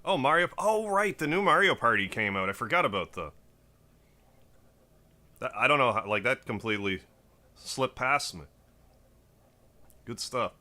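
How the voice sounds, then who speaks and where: A man's voice: mid-range voice, lively intonation, moderate pace, pauses often, pushed and bright. A man chatting casually on a game livestream, greeting viewers by name between play. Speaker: game streamer. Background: faint game music.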